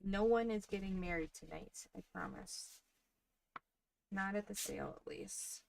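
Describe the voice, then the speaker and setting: A woman in her thirties talks gently to her viewers while crafting, her voice carrying a light gravelly fry at a medium pitch. A faint hiss and the odd click sit under her words. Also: measured pace. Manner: soft-spoken, chatty, talks to viewers in the chat. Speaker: craft livestream host. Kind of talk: casual livestream chat while crafting.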